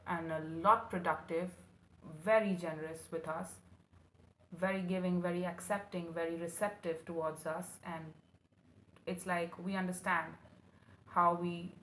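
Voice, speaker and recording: A woman's voice: fairly low pitch, fairly bright tone. A woman doing a tarot reading for her viewers, earnest and emotional, calling the listener honey. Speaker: tarot reader. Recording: roomy echo, faint room noise.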